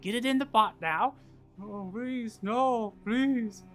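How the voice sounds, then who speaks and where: A man voicing a hulking, tusked green monster who bickers in a high, whiny voice, with music playing behind. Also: slow, a bit bright, exaggerated voice. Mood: squabbling. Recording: background music.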